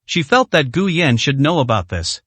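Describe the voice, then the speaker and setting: A man's voice: on the high side, big pitch swings, normal speed, a bit bright, slightly rough, no room sound. A man narrating a translated romance story in a scripted storytelling style.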